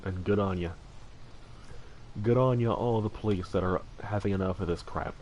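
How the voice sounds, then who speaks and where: A man chats casually during a game stream in a fairly low voice, earnest and heartfelt. He rambles, restarting sentences and padding them with fillers. A faint hum sits behind him. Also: normal speed, darkish tone, lo-fi sound. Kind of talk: casual livestream chat while gaming.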